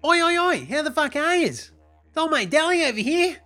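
An actor playing a brash, crude young Australian basketball player who rambles defensively and swears constantly, with an Australian accent. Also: male voice, extremely high pitch, expressive, fairly quick, a bit bright, faint music behind. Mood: defensive rant. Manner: foul-mouthed, rambling, defensive. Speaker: comedy character. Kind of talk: comedic monologue.

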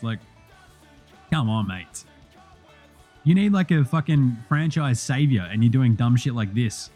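Australian man with a raised voice, swearing. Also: on the high side. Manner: profane, excitable, jokey. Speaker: podcast host. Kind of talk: sports results recap.

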